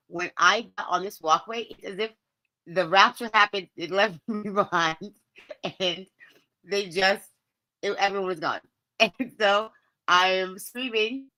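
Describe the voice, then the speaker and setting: A woman hosting her podcast, telling a story in a casual, animated and dramatic way, often laughing and using chatty slang. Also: mid-range voice. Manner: chatty slang, addresses listeners as babes. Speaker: podcast host.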